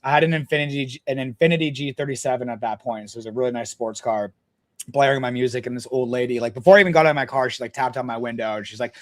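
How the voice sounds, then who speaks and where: A man talking as a podcast guest, telling stories in a blunt, animated way with plenty of swearing. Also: mid-range voice, rapid-fire. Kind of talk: casual storytelling chat.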